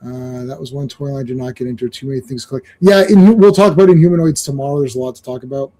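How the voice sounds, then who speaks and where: Mellow-voiced man hosting a livestream. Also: mid-range voice, fast. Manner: animated, laughs often, reads chat aloud. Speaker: podcast host. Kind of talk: casual livestream chat.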